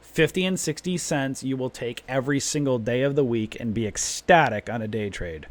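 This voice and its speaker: A man's voice: medium pitch, moderate pace. A man hosting a live trading stream, talking emphatically and repeating his points in a long rant. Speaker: trading room host.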